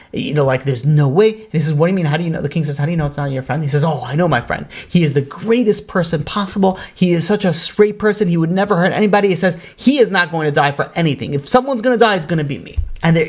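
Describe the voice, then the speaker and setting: A rabbi telling a story in a Torah class. He talks casually with many fillers and acts out the voices he quotes. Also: a little high.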